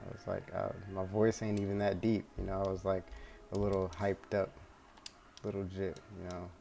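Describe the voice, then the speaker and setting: A man's voice: low voice, level tone, moderate pace, gravelly, warm tone, a little hiss or hum. A young man casually telling a story from his life, rambling, laid-back and full of swearing, recorded at home.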